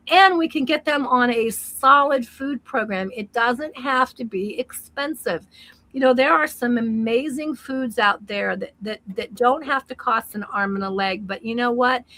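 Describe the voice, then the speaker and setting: A woman's voice: a little high, bright, forceful tone, rough recording. A middle-aged woman co-hosting a talk show, speaking earnestly and giving advice in a casual, unscripted way, with frequent restarts. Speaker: co-host.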